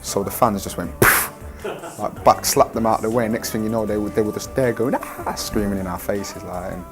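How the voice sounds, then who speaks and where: A man's voice: on the low side, fairly even intonation, fast. A young man from a pop band, telling stories animatedly and laughing in an interview. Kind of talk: interview talk. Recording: music clearly playing behind. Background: clear music.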